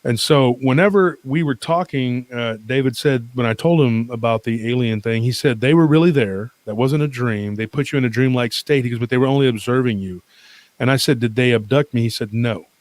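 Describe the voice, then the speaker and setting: A man tells his story in a steady middle-pitched voice. He rambles with animation, piles up fillers and starts over mid-sentence. The sound is dry and close, with little room around him. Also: a little fast, no room sound. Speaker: guest. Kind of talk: casual storytelling on a podcast.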